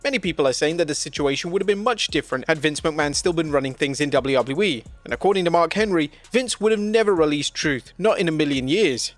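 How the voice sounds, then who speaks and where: A man with a somewhat high voice reads scripted news narration. His delivery is steady and even, with a plain reporting tone. It sounds like a prepared script read straight through. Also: fast talker, few pauses.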